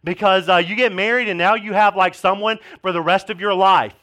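A man's voice: high voice, fairly even intonation, a little fast, bright, forceful tone. A man in his thirties preaching a casual sermon as pastor, telling jokey stories with sarcastic asides.

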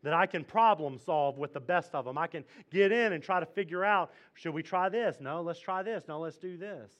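Animated pastor preaching with lively pitch. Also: male voice, normal speed, muffled recording. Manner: animated preaching, acts out prayers with rising intensity; conversational asides with fillers and laughs. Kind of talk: sermon. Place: church.

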